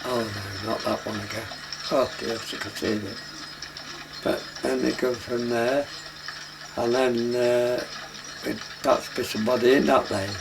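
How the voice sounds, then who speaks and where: A man's voice: medium pitch, gravelly. An older man, reminiscing in plain dialect about his travelling life in a loose, rambling way. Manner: plain dialect speech, loosely strung recollections. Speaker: interviewee recalling travelling life. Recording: noisy documentary recording.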